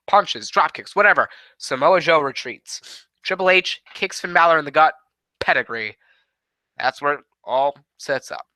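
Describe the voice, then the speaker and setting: Male host, casual booking play-by-play, bright and dry. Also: on the high side, no echo, poor audio. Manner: casual, quick, profane play-by-play.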